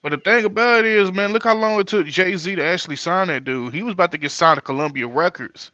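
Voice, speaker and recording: Bright-voiced man talking fast. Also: high-pitched, no room sound, highs cut off. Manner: enthusiastic fan talk, fillers like um. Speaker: podcast co-host. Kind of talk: casual chat.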